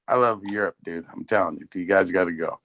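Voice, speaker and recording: Bright, low-voiced man telling stories. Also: quick pace, vocal fry. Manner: rambling, profane anecdotes with laughter. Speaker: podcast co-host. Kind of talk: casual chat, storytelling.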